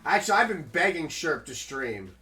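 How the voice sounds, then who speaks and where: A man's voice: a little high, big pitch swings, moderate pace, pushed and bright, faint music behind. A man live-streaming a game, rambling casually to his chat in a loose, chatty way.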